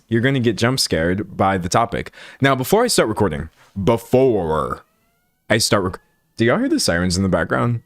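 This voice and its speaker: A young American man in his twenties talking loosely to his livestream audience, rambling from one thought to the next and laughing as he goes. His voice sits a little low, and the recording is dry and close at a desk mic. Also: very animated, moderate pace, dry recording. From United States. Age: 20s. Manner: chatty and rambling, laughs often. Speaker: livestream host. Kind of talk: casual livestream chat with viewers.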